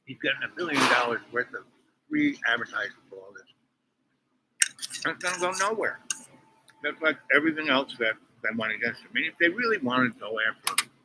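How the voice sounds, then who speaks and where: A man's voice: mid-range voice, lively intonation, a little fast, pauses often, sharp tone, a little hiss or hum, poor audio. A man hosting his own show, rambling opinionated commentary while eating breakfast with his mouth full. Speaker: online show host.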